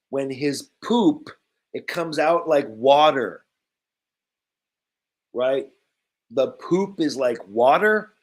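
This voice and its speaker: A man teaching English vocabulary to learners, speaking simply and repeating each key word. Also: a little high. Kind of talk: slow, clear ESL vocabulary lesson.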